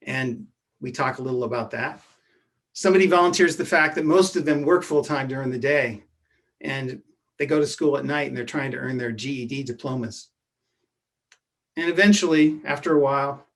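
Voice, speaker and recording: Hushed, measured male storyteller. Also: a little high. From Edwardsville, Illinois. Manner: measured, often dropping to a hushed voice. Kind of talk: true personal story told live.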